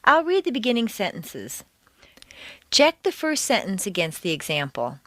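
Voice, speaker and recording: A woman narrating a pronunciation course in a clear, deliberate, scripted way. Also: medium pitch, wildly swooping pitch, fairly bright tone, dry recording. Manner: clear, deliberate, with exaggerated stress in examples. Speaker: accent training instructor.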